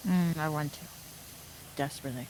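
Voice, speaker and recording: A woman's voice: a little fast, noisy background. A woman chatting on a game stream, blunt and sweary about her day. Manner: blunt and sweary, lively swings in pitch. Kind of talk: casual chat.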